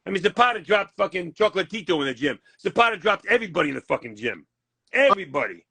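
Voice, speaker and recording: A man's voice: sits high, sing-song, fast talker, gravelly, pushed and bright, husky, dry recording. A man, a boxing manager, answering interview questions in a blunt, combative way and swearing freely.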